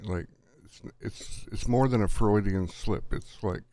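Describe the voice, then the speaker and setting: A man's voice: lowish voice, unhurried, warm tone. A middle-aged man hosting a live stream in a casual, chatty way, greeting viewers by name and laughing often.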